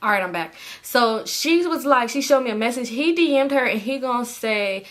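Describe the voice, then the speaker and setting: A young woman telling a story in casual chat, animated, swearing and jumping up high when she acts out what people said. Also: moderate pace.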